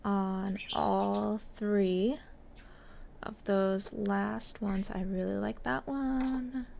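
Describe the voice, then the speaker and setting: A woman narrating her own craft work in a relaxed, chatty way as she goes. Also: mid-range voice, drawn-out words, creaky, a little hiss or hum. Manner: relaxed, chatty, talks while working. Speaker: resin artist.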